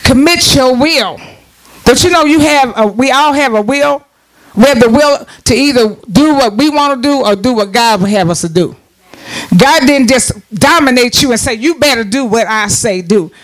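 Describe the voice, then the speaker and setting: A man preaching a sermon, calling out to the congregation for responses and rising into shouts. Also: very high voice, normal speed.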